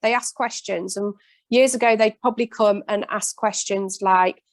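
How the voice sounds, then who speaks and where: A woman's voice: mid-range voice, fairly even intonation, measured pace, dry recording. A woman dairy farmer from Britain speaking on a webinar panel in an earnest, plain-spoken and emphatic way.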